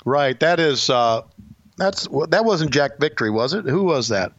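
A man's voice: fairly high pitch, expressive, unhurried, a bit bright, dry recording, dull audio. A man co-hosting a casual wrestling podcast, laid-back and wry, laughing along with his partner. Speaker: podcast co-host.

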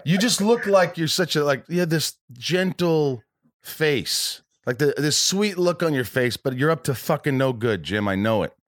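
A man's voice: on the high side, expressive, moderate pace, no room sound. Man, 40s, podcast host, rambling, stammering restarts, swears, dry close sound. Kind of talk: casual podcast chat.

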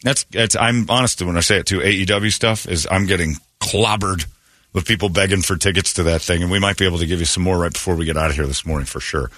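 A man's voice: low voice, fast, fairly bright tone, dry recording, clean studio sound. A man hosting a morning radio show, joking and rambling with his co-hosts and laughing often. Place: radio studio.

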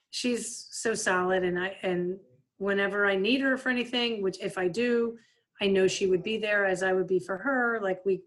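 A woman in her fifties, a former player and coach, telling stories in a casual interview, full of "like" and "you know". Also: medium pitch. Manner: lively anecdotal, frequent "like" and "you know".

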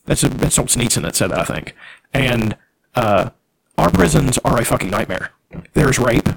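A man's voice: medium pitch, animated, moderate pace, vocal fry, low-quality recording. A man co-hosting a podcast, trading crude jokes with a friend and laughing often. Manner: profane, joking, laughs often. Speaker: podcast co-host. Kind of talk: casual crude banter.

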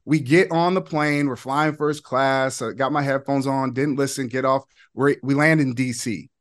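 A man in his forties telling a personal story as a podcast guest, excited, with quick bursts and laughing asides. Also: mid-range voice. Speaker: podcast guest, former player. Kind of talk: animated storytelling.

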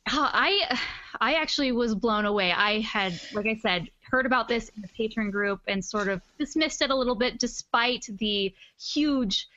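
A woman's voice: on the high side, lively intonation, moderate pace, pushed and bright, highs cut off. A woman co-hosting a podcast, enthusiastic and rambling in casual chat. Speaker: podcast co-host.

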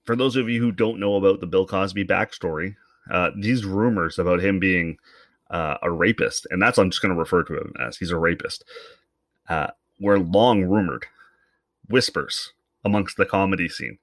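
Speaking at a moderate pace in a low voice, a Canadian man rants to camera in a loose, profane, rambling solo comedy bit, working through his thoughts aloud. He's a commentator, and the sound is clean studio audio with no room sound.

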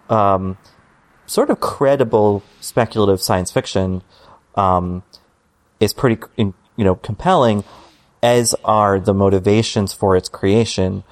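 A man's voice: low-pitched, gravelly, a little mellow. A man co-hosting a TV recap podcast, thoughtful and a little hesitant, with a dry sense of humor. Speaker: podcast co-host. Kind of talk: casual TV recap podcast chat.

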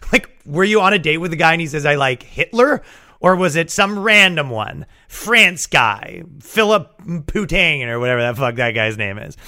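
A man hosting a podcast, riffing in a profane, animated comedic rant. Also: a little high, normal speed, hardly any pauses. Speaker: podcast host.

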